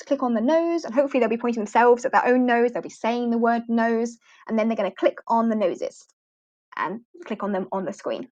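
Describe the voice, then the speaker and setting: A woman explains online lesson slides to fellow teachers in a friendly, practical tone. Her voice sits a little high. The recording sounds slightly dull and lo-fi. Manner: chatty, practical, models prompts for students. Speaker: ESL teacher trainer. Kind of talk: instructional screen walkthrough.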